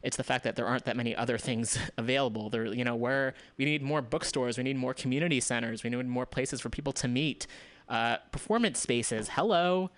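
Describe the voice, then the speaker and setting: A man's voice: mid-range voice, a little fast, a bit bright, no echo. A man hosting a community radio show, running through news items in a loose, casual way, with asides and restarts. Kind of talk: casual news roundup and commentary.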